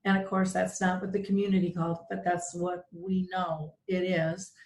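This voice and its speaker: Her voice is lowish and her pace moderate, caught in an echoey room with a little hiss or hum. She's a middle-aged woman on the radio, telling an earnest, emotional personal story and giving the people in it lively voices of their own.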